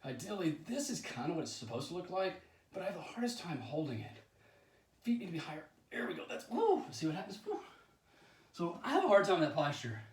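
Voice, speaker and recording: A man chatting casually while demonstrating yoga poses, out of breath and often clearing his throat, self-deprecating about his flexibility. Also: a little high, very animated, fast talker. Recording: echoey room, voice from a distance.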